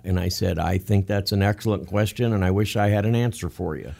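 Vietnam-era male veteran in his seventies, low voice, earnest storyteller, interview guest. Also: fairly even intonation, moderate pace, gravelly, few pauses, darkish tone. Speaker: guest, veterans group founder. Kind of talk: casual radio interview.

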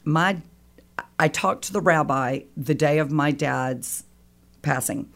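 A woman's voice: sits low, slow, vocal fry. A woman guest on a radio show telling a personal story with feeling, acting out the voices of the people in it. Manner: animated, acts out quoted voices.

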